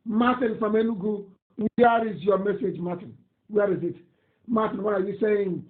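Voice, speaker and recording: A man's voice: high-pitched, fairly even intonation, moderate pace. A man with a Nigerian accent giving a live radio broadcast, reading listener messages in an emphatic, indignant, repetitive way. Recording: tinny phone-like audio, echoey room.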